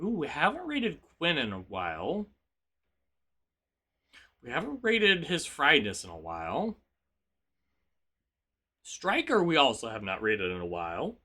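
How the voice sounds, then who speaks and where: A man streaming live, chatting casually with his viewers in a chaotic, energetic way. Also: medium pitch, unhurried, long pauses.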